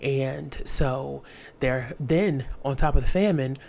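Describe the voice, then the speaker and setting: Woman comic storyteller, low and mellow, slangy, faint noise behind. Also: slow pace, creaky. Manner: casual, slangy, animated, putting on voices.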